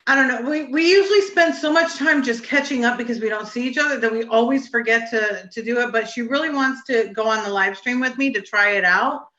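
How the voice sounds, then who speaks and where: A woman's voice: a little high, brisk, few pauses, pushed and bright. A woman hosting a casual live stream chat, rambling with lots of fillers. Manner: chatty, rambling, many fillers. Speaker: host of a vape review channel. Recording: echoey room, slightly dull lo-fi sound.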